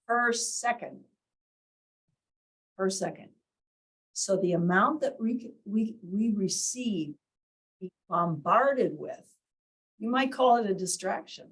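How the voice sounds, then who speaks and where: A woman with a breathy, husky voice, sitting at an everyday pitch, leads a workshop in an indoor meeting room. She teaches interactively, firing questions at the group and acting out different tones of voice to make her point. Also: animated, slow, pauses often, low-quality recording. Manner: quizzes the group, demonstrates tones of voice. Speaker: workshop leader.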